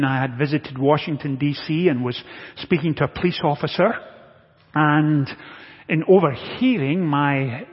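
High-voiced pastor in an echoing sanctuary. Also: male voice, husky. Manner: earnest, builds to emphatic repetition. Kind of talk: sermon. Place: church sanctuary. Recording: dull lo-fi audio with long church reverb.

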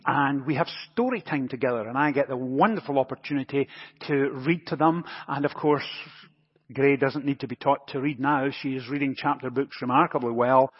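A man preaching a sermon as pastor, telling a light, gently humorous story before moving into scripture. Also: medium pitch, husky. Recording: dull recording with long church reverb.

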